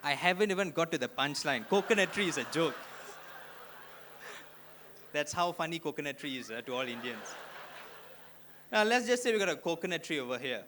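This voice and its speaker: A young man from Malaysia with a Malaysian English accent, doing an animated stand-up routine in front of a live audience. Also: on the high side, fairly quick, long pauses, slight background noise. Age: young adult. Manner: animated, punchy storytelling. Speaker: stand-up comedian. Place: auditorium stage before a live audience.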